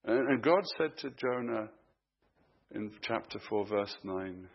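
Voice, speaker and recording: A man preaching a sermon, moving between hushed, slow emphasis and raised, urgent questions to his listeners. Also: lowish voice, creaky, breathy edge, dull audio.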